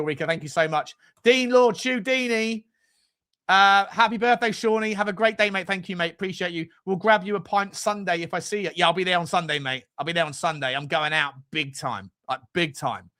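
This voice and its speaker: A man hosts a fan live stream, reading out super chats. His voice sits a touch high and sounds bright and sharp. He rambles and swears, drifting off on tangents. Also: fairly quick. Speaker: fan channel host.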